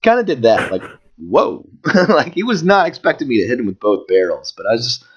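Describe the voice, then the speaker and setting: A man's voice: medium pitch, fast talker, lo-fi sound, a little hiss or hum. A man co-hosting a podcast, telling a story in casual chat, swearing constantly and working himself up. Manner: profane, heated, animated storytelling. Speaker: podcast co-host.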